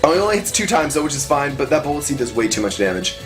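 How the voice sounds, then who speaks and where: An excitable young man talking through a match as he plays it, his voice sitting a little high for a man and swinging widely in pitch. Faint music runs quietly underneath his chatter. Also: very fast. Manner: chatty and excitable, talks through every move. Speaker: gaming commentator. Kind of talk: live gameplay commentary.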